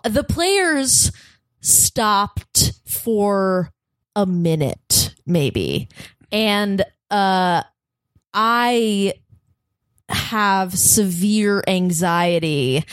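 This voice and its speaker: Woman, podcast guest, casual storyteller. Animated, laughs a lot, swears, acts out quotes. Mid pitch, dry studio sound. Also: no room sound.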